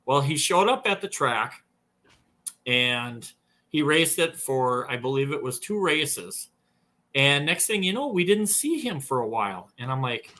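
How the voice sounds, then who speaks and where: Speaking at a normal speed, this Upper Midwest man, a snowmobile tuner, spins meandering tales as a podcast guest in a relaxed storytelling interview. His voice sits in the middle range, bright and forceful, and his talk is full of fillers and false starts.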